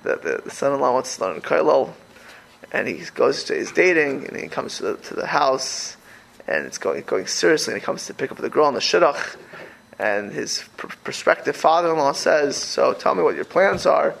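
A man's voice: fairly high pitch, expressive, moderate pace, vocal fry, fairly bright tone, rough recording. A man talking casually and animatedly, rambling through many fillers and restarts. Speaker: speaker. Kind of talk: casual talk on religious community life.

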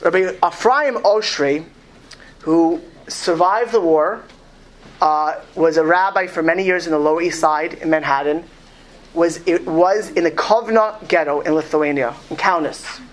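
A man reading a story aloud to an audience, slow and emphatic, stumbling and restarting often. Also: a little high, a little hiss or hum. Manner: reads slowly and with emphasis, with frequent restarts. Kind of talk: lecture with read-aloud story.

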